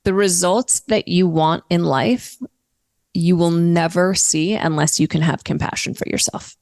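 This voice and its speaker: A woman guest in a casual interview, talking candidly and telling stories in a lively way, with the odd swear word. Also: lowish voice, a little slow.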